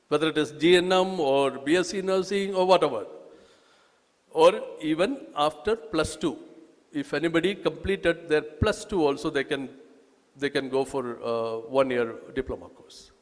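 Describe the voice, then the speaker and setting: Halting man with an Indian accent, echoing hall. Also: on the high side. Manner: halting and emphatic, frequent restarts. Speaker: speaker presenting a nursing course. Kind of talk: public talk at an event. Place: event hall.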